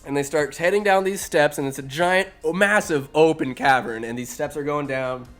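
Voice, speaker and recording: A man hosting a comedy podcast who rambles through a film plot with crude, sarcastic jabs. His voice sits a bit high for a man, and a quiet tune plays beneath him. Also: moderate pace, faint music behind. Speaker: podcast host. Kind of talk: comedic movie recap.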